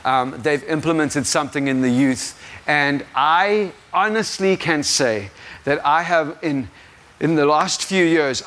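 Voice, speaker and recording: Self-mocking and prone to laughing at himself, a young adult guest preacher with a South African accent delivers a loose, rambling sermon. His voice sits on the high side and sounds a bit bright.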